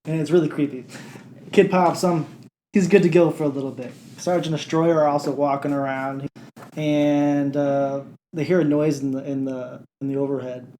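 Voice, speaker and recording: A woman's voice: sits low, steady tone, normal speed, dark tone, slight background noise. A woman hosting a podcast, casually recapping a bad movie in a chatty, sarcastic way. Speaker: podcast host.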